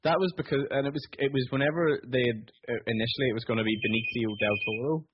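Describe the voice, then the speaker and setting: A man's voice: medium pitch, steady tone, fast. A man chatting on a casual podcast as a co-host, wry and joking. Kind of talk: casual chat. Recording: lo-fi with faint noise.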